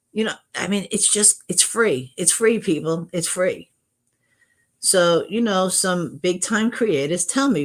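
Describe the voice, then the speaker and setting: A woman's voice: lowish voice, lively intonation, moderate pace. A middle-aged woman chatting casually on her livestream, greeting viewers from chat and talking with frequent restarts. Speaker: livestream host. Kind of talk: casual live-stream chat.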